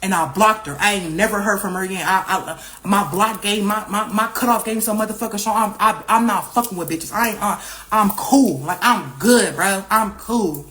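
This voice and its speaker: A young woman telling a casual storytime vlog, profane and animated, repeating herself and acting out what other people said. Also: medium pitch, normal speed, few pauses. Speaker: vlogger.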